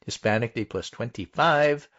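A man's voice: mid-range voice, moderate pace, fairly bright tone. A man hosting a casual political talk show, running through poll numbers with emphasis. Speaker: political podcast host. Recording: dull lo-fi audio.

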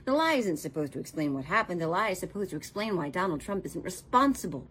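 A woman's voice: fairly low pitch, sing-song, fast talker, fairly bright tone, slight background noise. A woman delivering a scripted commentary rant in a sarcastic, exasperated tone, swearing for emphasis.

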